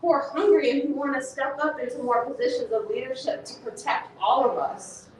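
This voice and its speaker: A woman organizer speaks passionately and emotionally to an audience, laughing and nearly crying as she goes. Her voice sits high and moves a little fast. The room is echoey, and she is far from the mic.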